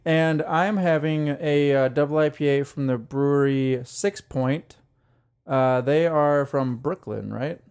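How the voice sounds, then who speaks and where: A man co-hosting a casual podcast, easygoing and quick to agree in the banter. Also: on the high side, darkish tone, clean tone. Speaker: podcast co-host. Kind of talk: casual chat.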